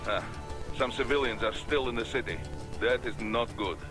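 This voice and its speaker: A man plays a brisk military commander, giving orders in a bright, forceful voice. Game music plays under him. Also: mid-range voice, natural voice. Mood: briefing. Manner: commanding, briefing.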